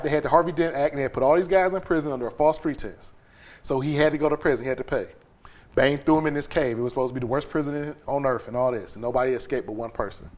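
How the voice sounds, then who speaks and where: In a medium-pitched voice, a man guesting on a podcast shares an emotional personal story. He's animated throughout, acting scenes out with quoted voices and sound effects.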